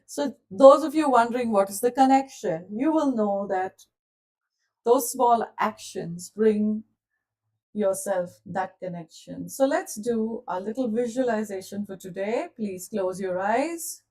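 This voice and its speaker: A woman leading a live online coaching session, speaking gently and calmly and asking her listeners questions directly. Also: mid-range voice, measured pace, far from the mic, poor audio. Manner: gentle, calm, soothing delivery. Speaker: self-development coach.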